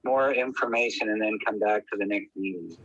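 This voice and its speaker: Tense, halting man calling in. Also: fairly low pitch, a bit bright, lo-fi sound. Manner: hesitant, repeats words. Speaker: applicant calling in. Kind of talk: public meeting call-in.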